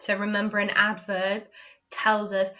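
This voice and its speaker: A woman's voice: medium pitch, monotone, measured pace, bright, forceful tone, lo-fi sound. A woman teaching a recorded primary school lesson to young children, patient and explaining step by step, checking in with frequent "okay?". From England.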